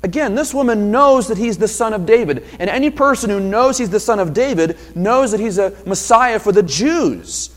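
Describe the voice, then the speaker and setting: A male pastor preaching a sermon, asking rhetorical questions and acting out quoted speech with sudden loud swells. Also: high-pitched, lively intonation, moderate pace, few pauses, big-room sound. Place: church sanctuary.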